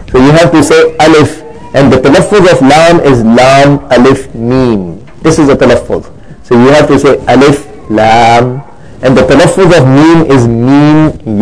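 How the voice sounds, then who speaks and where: A man teaching a religious lecture at an even, middling pitch. He explains step by step in English sprinkled with Arabic terms, pausing to ask his listeners to confirm. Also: rough recording. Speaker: Islamic teacher.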